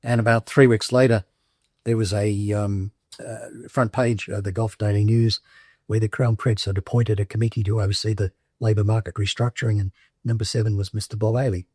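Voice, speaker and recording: An older man with an Australian accent tells his career story step by step in a plain, matter-of-fact way. His voice sits a little low and has a husky edge. The recording is close and dry. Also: level tone, fairly quick, darkish tone, dry recording. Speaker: veteran interviewee. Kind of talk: documentary interview, recounting a career.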